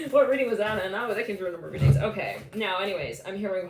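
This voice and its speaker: A woman giving a live psychic tarot reading in a rambling, loose way, full of "like" fillers and quick quoted voices. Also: medium pitch, big pitch swings. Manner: rambling, many "like" fillers, quotes imagined people, laughs often. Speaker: tarot reader. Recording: echoey room with faint background noise.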